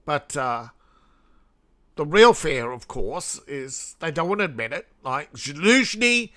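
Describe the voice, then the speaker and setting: A man's voice: fairly high pitch, lively intonation, slow, bright, forceful tone. An Australian man hosting a casual news commentary vlog, rambling and sarcastic, chuckling at his own jokes. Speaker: host.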